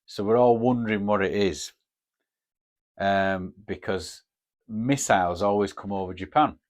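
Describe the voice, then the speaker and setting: A man's voice: fairly low pitch, unhurried, darkish tone. A man hosting a podcast, telling a rambling, sweary story in a casual monologue. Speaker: podcast host. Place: home in Japan.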